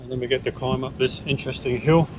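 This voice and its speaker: A relaxed man talks his way through a vlog at a middle pitch, chatty and easygoing. Clear engine and outdoor noise sits behind him. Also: fast talker. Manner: relaxed, chatty, talks while cooking and driving. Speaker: vlogger. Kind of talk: casual vlog narration. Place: outdoors at a bush campsite and in a vehicle.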